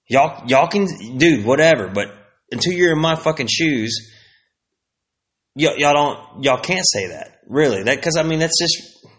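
A man's voice: mid-range voice, fairly bright tone. A man hosting a solo podcast, venting bluntly in a casual, profanity-heavy rant that circles back on itself. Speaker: podcast host.

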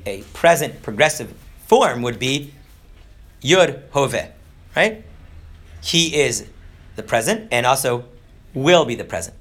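A man giving an informal Torah lesson, rambling with fillers and restarts, mixing in Hebrew terms and slipping into quick comic voices for characters. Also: lowish voice, fairly bright tone. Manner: mixes Hebrew terms into English. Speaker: Torah teacher. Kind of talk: informal lecture.

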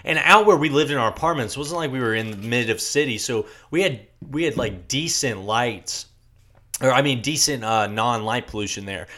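A man's voice: mid-range voice, expressive, normal speed, bright, forceful tone. A young man from Virginia, co-hosting a podcast, telling a rambling story full of swearing and restarts. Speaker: podcast co-host. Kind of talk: casual storytelling chat.

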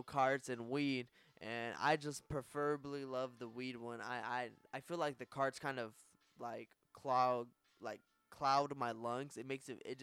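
A man's voice: medium pitch, fairly bright tone, clean tone, no room sound. A young man hosting a podcast, telling a candid personal story in a rambling casual way, full of fillers and restarts. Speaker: podcast host.

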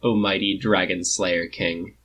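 A man's voice: sits low, fairly even intonation, unhurried, a bit bright. A man doing a cheeky bold young prince. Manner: cheeky, blunt.

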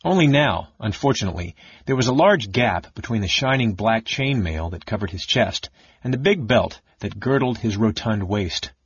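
A male audiobook narrator with a low, husky voice reads a fantasy story in a measured, expressive way. The recording is dry and close, with a slightly dull, lo-fi sound. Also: dry recording.

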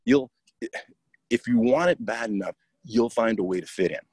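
A man's voice: lowish voice, wildly swooping pitch, normal speed, creaky, a little mellow, husky, no echo. Man, teacher, casual storytelling, profane, rambling, dry close sound.

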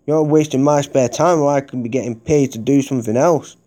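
A man's voice: medium pitch, a little fast, mellow. A man hosting a podcast, delivering an angry, profanity-heavy rant that repeats itself as it builds. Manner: heavy swearing, heated and repetitive. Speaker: podcast host. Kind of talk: angry ranting monologue.

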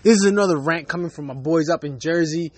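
High-voiced man ranting on his podcast. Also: fast, a little mellow, no echo. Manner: loose, profane, laughing often. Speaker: podcast host. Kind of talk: casual ranting monologue. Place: Miami.

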